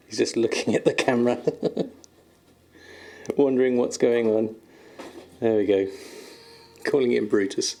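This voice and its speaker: A man's voice: mid-range voice, steady tone, measured pace, pauses often, a little mellow, slight background noise. A man streaming from home, chatting casually with viewers and cooing affectionately at his kittens, laughing often. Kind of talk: casual live-stream chat. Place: at home, indoors.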